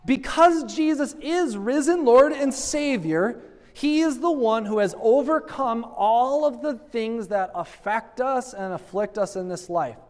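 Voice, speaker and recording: A man's voice: very high-pitched, unhurried, a little mellow. A man preaching a sermon as pastor, conversational and earnest, with frequent rhetorical asides. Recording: long hall reverb.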